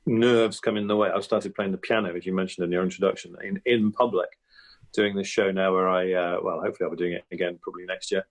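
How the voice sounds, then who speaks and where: A man's voice: sits low, steady tone, fast talker. A male comedian and impressionist, the guest on a podcast interview, reflective and chatty with many restarts and asides.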